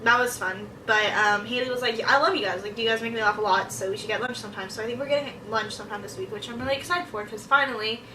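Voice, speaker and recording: Excitable young woman rambling in an echoey room. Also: on the high side, fast, few pauses, slight background noise. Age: young adult. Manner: excitable storytelling, acts out her own reactions. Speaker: vlogger. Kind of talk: casual rambling vlog. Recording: echoey room, mic at a distance.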